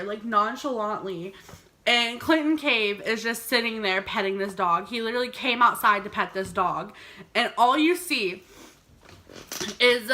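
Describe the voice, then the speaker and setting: A woman's voice: on the high side, sharp tone. A young woman vlogger telling a storytime, chatty and giggly, saying "like" all the time. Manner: chatty, heavy use of "like", giggly. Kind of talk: storytime vlog.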